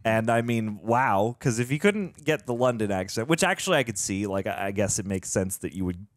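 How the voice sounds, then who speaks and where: A man's voice: on the low side, expressive, fairly quick, dry recording. A young man co-hosting a movie reaction, chatting casually, reading trivia aloud with many fillers and restarts.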